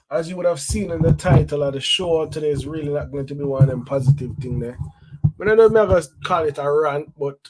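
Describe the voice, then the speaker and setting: Laid-back male football show host. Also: mid-range voice. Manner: laid-back, conversational, repeats phrases, sprinkles slang. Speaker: host of a football fan channel. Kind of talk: casual solo talk show.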